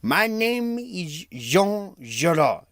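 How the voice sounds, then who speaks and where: A man voicing a pompous French racing driver in a slow, haughty put-on French accent. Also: high-pitched, big pitch swings, fairly bright tone, no echo, clean studio sound, voice pushed up, exaggerated voice.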